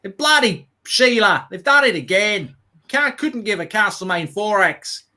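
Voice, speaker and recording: A man puts on a gloating Australian sports fan with a high, slow drawl. The Australian accent is laid on thick, and the tone is mocking. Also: animated, bright, forceful tone, exaggerated voice.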